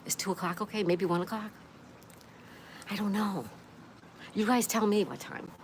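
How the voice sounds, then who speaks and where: A woman with a medium-pitched, steady voice hosts a casual livestream at a moderate pace. She reads her viewers' comments aloud and answers each one in a chatty way. Clear background noise can be heard.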